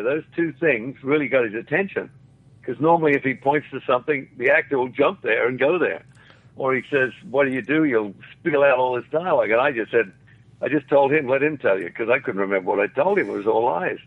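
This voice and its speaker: An older Australian man, a former actor guesting on an interview, rambles through anecdotes, chuckling and performing the voices he quotes. His medium-pitched voice is brisk with a breathy edge, heard over a phone-like radio line.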